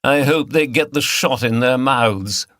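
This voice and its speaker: A man's voice: mid-range voice, measured pace, fairly bright tone, dry recording, studio quality, pitched above the performer's own voice, close to an everyday voice. A man reading the part of a middle-aged male artist with a British RP accent, polite, precise and faintly superior.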